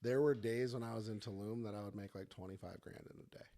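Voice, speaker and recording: Gravelly dude hosting a fitness podcast, loose banter, cusses and laughs a lot. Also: male voice, fairly low pitch, steady tone, fast, mellow. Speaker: podcast host and fitness coach. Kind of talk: casual chat.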